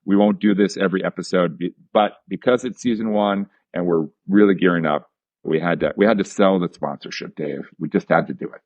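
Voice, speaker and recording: Man, podcast co-host, very low voice, easygoing chat, lo-fi sound. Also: fairly quick, a little mellow, no room sound. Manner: easygoing, apologetic banter. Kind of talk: casual chat. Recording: dull lo-fi dry podcast audio.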